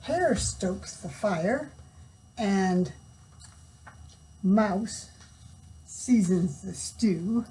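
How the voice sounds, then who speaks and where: An older woman and grandmother reading a picture book aloud, gently stopping to explain words for children. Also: medium pitch, expressive, very slow, long pauses, a little hiss or hum, low-quality recording. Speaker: storyteller.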